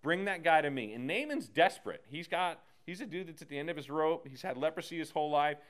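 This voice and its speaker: A man leading a casual Bible study, animated and slangy, acting out the characters as he teaches. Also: a little high, quick pace. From United States.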